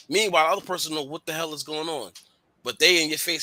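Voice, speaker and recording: A man's voice: fairly high pitch, racing. A man co-hosting a radio talk show, talking candidly in slangy casual chat. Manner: candid, slangy, animated storytelling.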